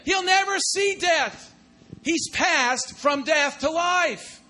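A man delivers a sermon slowly in a very high voice that's bright and forceful. He keeps exclaiming "come on" and "glory to God," dropping from loud bursts into hushed asides.

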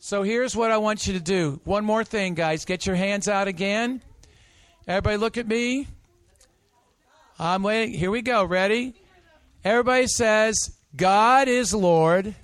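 A man preaching an interactive sermon, coaxing the congregation into call-and-response with slow, emphatic phrases. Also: high-pitched, a bit bright, clean tone, dry recording. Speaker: pastor.

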